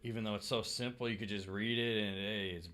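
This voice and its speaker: A man hosting a casual panel chat, talking haltingly with many pauses and restarts. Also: lowish voice, fairly even intonation, a bit bright. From United States. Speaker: podcast host.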